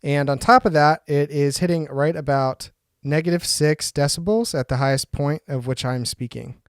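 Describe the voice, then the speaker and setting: A man's voice: a little high, fairly even intonation, moderate pace, few pauses, soft background music. A man hosting a microphone review vlog, talking offhand and chatty into a close podcast mic and reading test phrases aloud. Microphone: podcast microphone close to the mouth.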